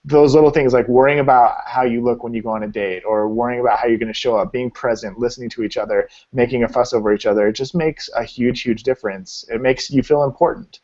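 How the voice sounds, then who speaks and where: A man hosting a relaxed chat, joking and telling stories with lively energy. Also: mid-range voice, fast talker, few pauses. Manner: jokey, animated storyteller. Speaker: host. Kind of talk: casual chat. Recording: dull lo-fi sound.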